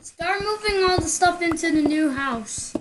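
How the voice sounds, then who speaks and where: A woman's voice: very high-pitched, expressive, moderate pace, noisy background. A woman chatting casually while playing a building game, playful and teasing. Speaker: gamer. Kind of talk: casual gameplay chat.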